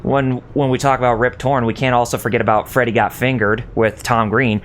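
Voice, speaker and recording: A man's voice: medium pitch, little pitch movement, brisk, hardly any pauses, fairly bright tone. Guy co-hosting a gaming stream, goofy and jokey, mid voice, bit of hiss. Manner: jokey, breaks into sung bits and silly voices. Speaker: co-host. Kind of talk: casual gaming commentary chat.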